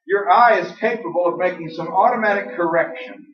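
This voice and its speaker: A man with a fairly high voice preaches a sermon in a church hall, emphatic and folksy, slowing down to stress each passage he quotes. He is picked up from a distance in a dull, echoey live recording.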